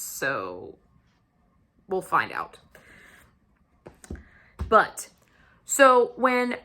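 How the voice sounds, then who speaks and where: Gushing, swearing woman book vlogger. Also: low voice. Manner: excitable, gushing, swears freely. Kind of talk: casual weekly reading update.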